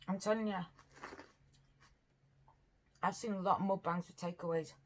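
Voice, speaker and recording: A woman's voice: medium pitch, steady tone, moderate pace, a little hiss or hum. A woman from Britain, chatting in a rambling, earnest way while eating on camera for her vlog. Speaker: mukbang vlogger. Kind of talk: casual eating chat.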